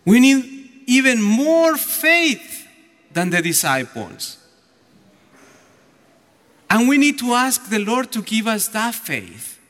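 A man's voice: very high voice, sing-song, slow pace, pauses often, fairly bright tone. A man preaching a homily as a deacon, telling the story animatedly and acting out the voices. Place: church. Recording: echoey church hall.

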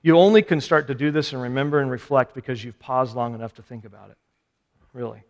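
Here a pastor with a mid-range voice talks fast, keeping the sermon conversational. He ribs himself and throws rhetorical questions at the crowd, and the recording carries a large hall's long reverb.

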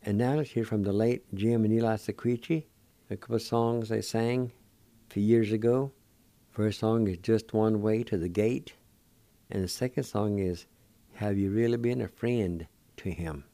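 A man's voice: lowish voice, normal speed, dark tone, no echo. A man hosting a radio language lesson, patiently spelling words out syllable by syllable and encouraging his listeners to practice. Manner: encouraging toward learners. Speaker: radio host teaching Cherokee words.

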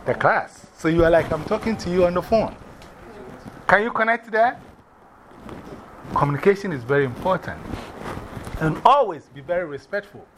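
A man with an African accent teaching a class, animated and often putting questions to the students. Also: high voice, moderate pace, long pauses, a little hiss or hum.

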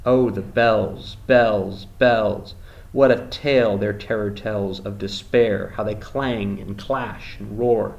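A man teaching a class, reading a poem aloud slowly and softly, then opening a class discussion. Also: on the low side, fairly even intonation, creaky, dull audio.

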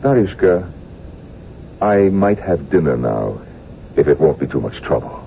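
A deep-voiced, weary doctor. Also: male voice, big pitch swings, unhurried, gravelly, exaggerated voice. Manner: soft-spoken, apologetic, melancholy. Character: weary, timid, gentle male town doctor. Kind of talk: 1970s radio drama acting. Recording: tinny old radio broadcast, faint hiss.

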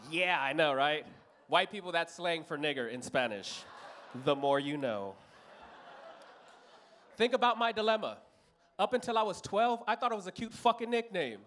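A man's voice: a little high, animated, moderate pace, long pauses, fairly bright tone, slight background noise. Profane man doing stand-up. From Los Angeles. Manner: profane, storytelling, acts out other voices. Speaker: stand-up comedian. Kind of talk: stand-up comedy set. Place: comedy club stage.

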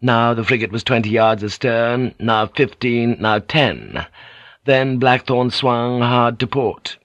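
A man reading an audiobook in a steady, measured narration. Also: mid-range voice, dry recording, lo-fi sound. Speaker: audiobook reader. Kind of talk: scripted narration.

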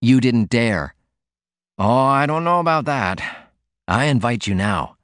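A man's voice: mid-range voice, expressive, takes it slowly, fairly bright tone, no room sound, clean studio sound, voice pushed up. A man voicing a sickly, sardonic man with a mocking, cutting way of talking.

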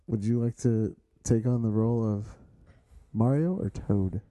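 A man co-hosting a podcast in casual chat, laughing and trading lively jokes. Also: lowish voice, measured pace. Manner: laughing, lively back-and-forth. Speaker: podcast co-host.

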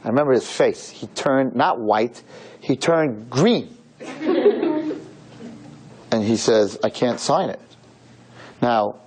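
Animated rabbi telling a story. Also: male voice, medium pitch, breathy edge. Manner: animated, acts out quoted voices. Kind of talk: sermon storytelling. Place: synagogue.

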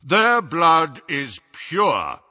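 A man's voice: on the high side, sing-song, extremely slow, sharp tone, no echo, lo-fi sound, voice pushed up, exaggerated voice. A man voicing a young wizard who gives orders in a commanding, urgent way. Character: young wizard posing as an imposing official.

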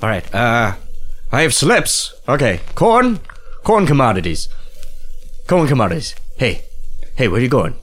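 A man voicing a panicked, shouting veteran stock trader in a comedy sketch. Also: lowish voice, animated, moderate pace, vocal fry, few pauses, breathy edge, heavily acted. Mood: frantic.

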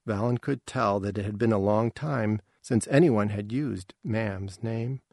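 A man narrating a story at a slow, measured pace. His voice is husky, a middle pitch, and the recording is close and dry with no room around it. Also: darkish tone, dry recording. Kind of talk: audiobook reading.

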